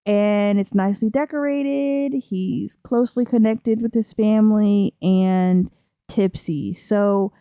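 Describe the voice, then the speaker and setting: A woman's voice: medium pitch, takes it slowly, mellow, smooth, dry recording, studio quality. A young woman giving chatty, playful commentary while playing a life-simulation game. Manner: chatty, playful, laughs often. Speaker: let's play host. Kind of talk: casual gameplay commentary.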